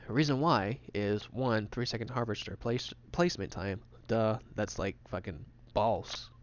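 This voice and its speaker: A man casually narrating a game tutorial, rambling and swearing, with frequent restarts. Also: lowish voice. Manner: rambling, profane, fast talk with restarts. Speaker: gaming channel host.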